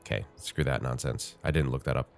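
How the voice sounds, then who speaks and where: A man's voice: a bass voice, brisk, creaky, faint music behind. A male gaming host with a congested voice, chatting casually and rambling with lots of fillers while he plays. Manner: rambling, chatty, thinks aloud with many fillers. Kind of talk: casual gameplay commentary.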